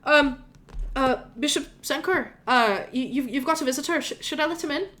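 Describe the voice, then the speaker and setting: A woman's voice: high-pitched, moderate pace, a bit bright, pitched above the performer's own voice. Lady doing a shy young tiefling priest, stammery and polite.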